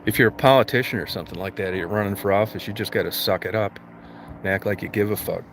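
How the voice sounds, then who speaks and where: Talking fast in a fairly low voice, this livestream host swears constantly and feigns outrage in a profane comedy rant. Background noise can be heard.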